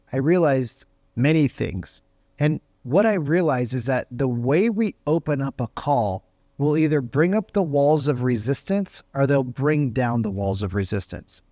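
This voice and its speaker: A man coaching real estate agents on sales calls, energetic and conversational, often checking in with "right?". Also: mid-range voice, moderate pace, no echo, clean studio sound. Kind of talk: motivational sales teaching to camera.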